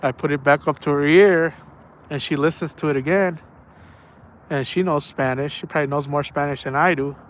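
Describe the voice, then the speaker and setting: A man's voice: on the high side, a little fast, a little hiss or hum. A man telling a story casually outdoors at night. He rambles and repeats himself and drops slang like "man" and "bro". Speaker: angler telling stories on a night fishing trip.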